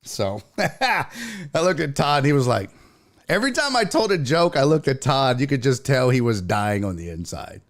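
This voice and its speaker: Male sports stream host, loose and profane, very animated pitch. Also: normal speed. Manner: loose, profane, shouts out chat viewers by name; lively, jumpy pitch when retelling. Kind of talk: casual livestream chat.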